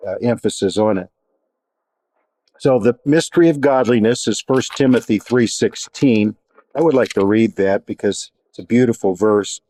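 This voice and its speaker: A man teaching a Bible study in a measured, reflective way, pausing and restarting as he explains. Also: mid-range voice, dark tone, no echo.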